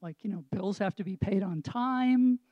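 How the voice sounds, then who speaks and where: A man's voice: sits high, normal speed, no room sound, highs cut off. A man co-hosting a casual talk about marriage as a counselor, explaining reflectively with examples and rhetorical questions. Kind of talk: casual chat with a pastoral tone.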